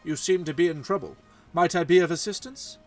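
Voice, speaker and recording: A man's voice: a little high, fairly quick, soft background music, lightly acted. A man voicing a polite, earnest young noble lord in a mock British accent, reading game dialogue.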